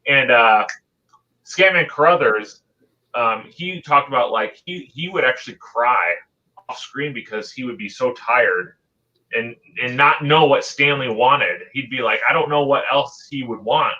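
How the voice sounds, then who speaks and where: Man, casual movie talk, halting with restarts, sharp bright tone, dull lo-fi sound. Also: medium pitch, animated. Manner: halting, many restarts and fillers. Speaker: podcast co-host.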